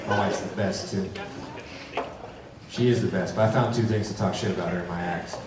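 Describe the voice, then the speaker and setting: A man's voice: sits low, steady tone, brisk. A man performing a stand-up comedy set on a large theater stage, with a wry, playful delivery. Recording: very echoey hall from far off, loud crowd and noise. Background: crowd laughter.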